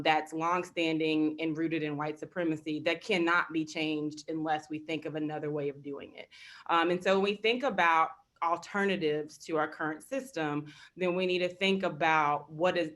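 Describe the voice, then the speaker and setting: A woman's voice: lowish voice, a bit bright. A woman from Kentucky speaking as a panelist in a discussion, earnest, with dry sarcastic asides.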